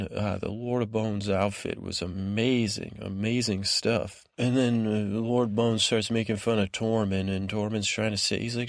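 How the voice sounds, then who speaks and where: A man's voice: fairly low pitch, steady tone, normal speed, vocal fry, hardly any pauses, no room sound, studio quality. A man hosting a sleep podcast, giving a meandering recap of a TV episode with lots of fillers and restarts. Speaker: podcast host. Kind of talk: rambling bedtime recap.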